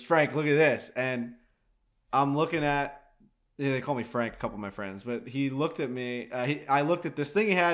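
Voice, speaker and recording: A young man co-hosting a podcast, telling stories in casual chat, animated and swearing freely. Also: mid-range voice. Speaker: podcast co-host.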